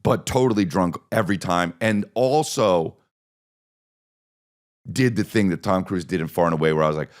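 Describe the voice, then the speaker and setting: A man's voice: low voice, moderate pace, long pauses. A man hosting a podcast, riffing through a profane, rambling comedic monologue with repeated bits. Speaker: podcast host.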